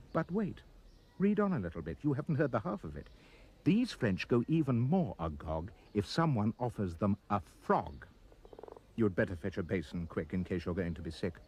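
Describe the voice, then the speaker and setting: Husky, lively male storyteller. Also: fairly low pitch. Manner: expressive, lively reading voice. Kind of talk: rhyming storybook reading.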